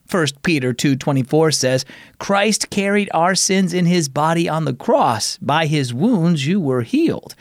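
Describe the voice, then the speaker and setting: A man's voice: a little high, animated, unhurried, no room sound. A man hosting and narrating a children's devotional story program in an upbeat, friendly way, recorded on a close studio mic. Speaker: host and narrator.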